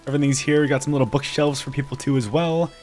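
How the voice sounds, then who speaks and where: A man's voice: mid-range voice, steady tone, quick pace, darkish tone, soft background music. A man giving casual, playful commentary on his game building, with self-mocking jokes and giggly asides. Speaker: gaming video creator.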